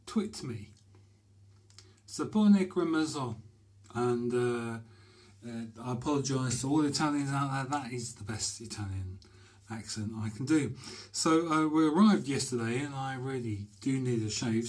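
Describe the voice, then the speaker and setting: Sounding like a man recording himself at home, this British shaving vlogger talks to camera from a small bathroom. His voice is middle-pitched, and his casual delivery is chatty and hesitant, with many pauses and fillers.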